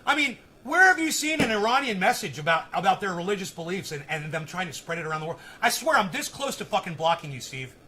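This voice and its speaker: Profane high-voiced man ranting on stream. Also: big pitch swings, fast talker, few pauses, a little hiss or hum, rough recording. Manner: profane, shouts angrily at chat commenters. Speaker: live streamer. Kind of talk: ranting live stream commentary. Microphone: phone.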